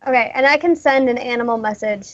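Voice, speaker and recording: A woman's voice: a little high, fast, muffled recording. A woman playing a tabletop game, asking short questions. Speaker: player.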